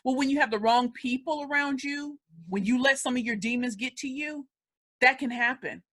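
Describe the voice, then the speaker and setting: A high, fairly bright voice at normal speed belongs to a woman in her forties from the St. Louis area of the United States. As an interview guest, she tells her life story emphatically and emotionally, going back over the same points many times.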